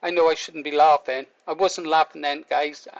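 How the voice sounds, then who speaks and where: A man's voice: on the high side, fairly even intonation, moderate pace, creaky, lo-fi sound. An older man, a vlogger, telling a story in a chatty way, laughing through it and swearing now and then. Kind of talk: casual storytelling to camera.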